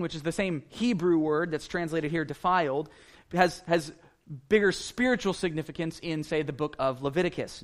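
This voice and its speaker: High-voiced man preaching an earnest sermon. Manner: earnest, repeats phrases for emphasis, rises in intensity. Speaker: pastor.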